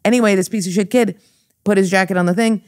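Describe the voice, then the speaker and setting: A woman guesting on a podcast, telling a story in a brash, animated way and swearing freely. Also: mid-range voice, fast talker, no echo, studio quality. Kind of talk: casual chat, storytelling.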